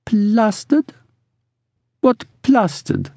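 A male narrator voicing a sulky, childlike young woman in a storybook who speaks broken English in a high, pouting tone. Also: huge pitch swings, drawn-out words, gravelly, a little mellow, breathy edge, no echo, clean studio sound, exaggerated voice.

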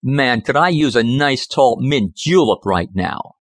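A man's voice: mid-range voice, animated, a little slow, no room sound, clean studio sound. A male narrator doing a breezy, wisecracking American man. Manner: joking, breezy, punning.

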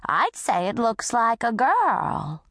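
Sweet old lady, polite and totally unbothered, slow and kinda high, woman reading her. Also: no room sound, clean studio sound, exaggerated voice. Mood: calm, polite. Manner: polite, calm, slow and drawn-out. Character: sweet, unflappable tall old woman in a rowboat.

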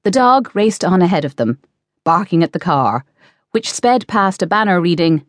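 A woman reading a novel aloud as audiobook narrator, in measured scripted narration. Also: on the low side, lively intonation, no echo, clean studio sound. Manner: measured storytelling.

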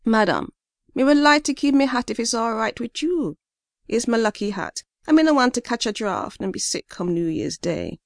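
A woman's voice: fairly high pitch, very animated, normal speed, dry recording, clean studio sound, voice pushed up. A woman voicing a proud seventy-two-year-old man under arrest, with a polite, pleading manner. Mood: pleading politely. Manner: polite, pleading, dialect speech.

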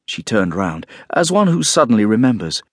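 A man narrating a classic novel in a measured, expressive storytelling voice. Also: on the low side, breathy edge, dry recording, studio quality. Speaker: audiobook narrator.

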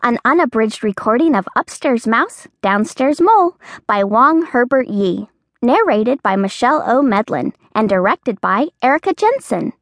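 A woman reads a children's audiobook in a clear, expressive storytelling manner. Her fairly high voice moves with a lively, sing-song melody. The recording is dry and close. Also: moderate pace, no echo. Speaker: audiobook narrator. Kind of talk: scripted children's audiobook narration.

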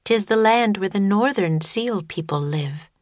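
A woman voicing a gentle seal-girl who speaks in an old-fashioned, lilting way in a children's audiobook. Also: medium pitch, expressive, a little slow, no echo, clean studio sound, natural voice. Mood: dreamy.

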